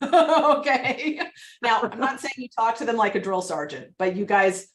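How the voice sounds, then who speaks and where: A woman coaching on a video call, chatty and animated, laughing often as she talks. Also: on the high side, measured pace. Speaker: real estate prospecting coach.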